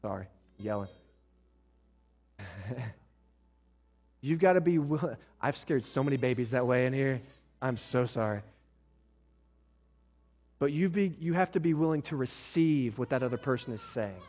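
A man's voice: medium pitch, animated, measured pace, pauses often, a little mellow. Blunt joking male pastor preaching. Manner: blunt, joking asides, acts out spouses' lines. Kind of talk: sermon.

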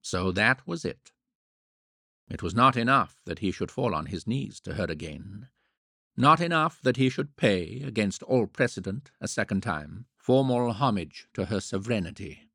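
A man reading a novel aloud in a wry, measured storytelling manner. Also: lowish voice, lively intonation, gravelly, pushed and bright, slightly rough, dry recording, studio quality. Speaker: audiobook narrator. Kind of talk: scripted narration.

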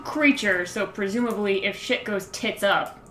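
A woman's voice: medium pitch, moderate pace, pushed and bright, faint music behind. A woman playing in a tabletop game, chatting casually with wry remarks. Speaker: player. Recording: roomy echo.

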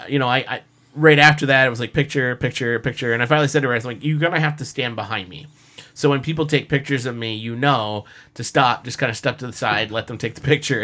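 A man on a casual podcast chat, telling animated stories full of fillers and laughs. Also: medium pitch. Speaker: podcast co-host, costumer.

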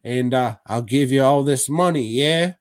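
Sly pushy mad doc guy, fast and loud with fake slang patter , a podcast host putting it on, dry sound. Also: medium pitch, no echo, voice pushed up, close to an everyday voice. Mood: wheedling. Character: shady male mad-scientist doctor, pushy and sly.

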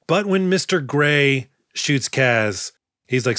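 A man's voice: a little high, expressive, unhurried, fairly bright tone, no echo, clean studio sound. A man co-hosting a casual movie podcast, joking and acting out lines in silly voices. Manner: jokey, acts out movie lines in goofy voices. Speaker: podcast co-host.

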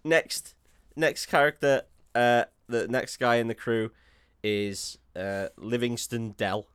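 A man's voice: mid-range voice, fairly even intonation, slow, a bit bright, clean tone, no echo, studio quality. A man co-hosting a casual film chat, joking, swearing and laughing often. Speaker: podcast co-host.

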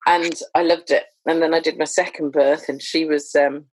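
A woman, a doula, chatting as a podcast guest in a lively, humorous storytelling way. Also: low-pitched, normal speed, hardly any pauses, dry recording. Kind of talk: conversational storytelling.

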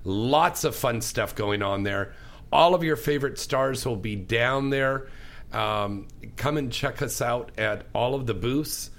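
A man's voice: mid-range voice, measured pace, a bit bright. A man hosting a talk radio show, chatting in an effusive, enthusiastic way.

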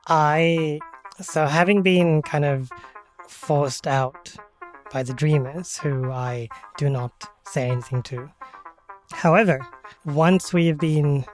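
Low-voiced woman podcast host. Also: fairly even intonation, takes it slowly, faint music behind. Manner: casual, rambling, hedging. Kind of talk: tabletop role-play narration.

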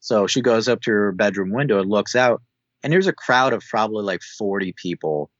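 A man co-hosting a podcast, recapping a TV episode in a rambling way with many filler pauses over a video call. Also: fairly low pitch, expressive, no echo. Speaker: podcast co-host. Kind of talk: casual chat recapping a TV episode. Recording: dull dry call audio.

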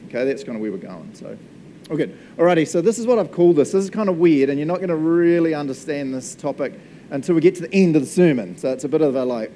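A man's voice: fairly high pitch, animated, fast talker, mellow, a little hiss or hum. A man preaching a casual, jokey sermon as pastor, laughing often and checking in with the congregation. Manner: chatty, jokey, laughs often, asks the room "eh?".

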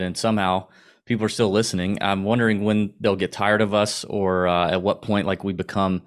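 A man in his thirties from Georgia with a Southern accent, chatting animatedly as a podcast guest. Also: fairly low pitch. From Augusta, Georgia, US. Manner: animated, laughing, quick storytelling. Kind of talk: casual podcast chat.

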